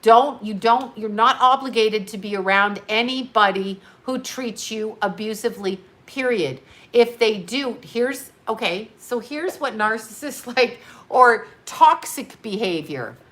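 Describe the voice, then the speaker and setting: A woman's voice: fairly high pitch, expressive, unhurried, few pauses, fairly bright tone. A woman hosting a casual livestream as a psychic medium, talking bluntly with profanity and breaking off to answer viewer comments. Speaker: psychic medium and channel host.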